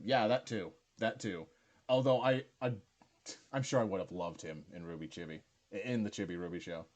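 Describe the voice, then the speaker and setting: A man's voice: deep voice, moderate pace, dull audio. A young man chatting casually as he rewatches his own series, stammering, restarting and laughing easily.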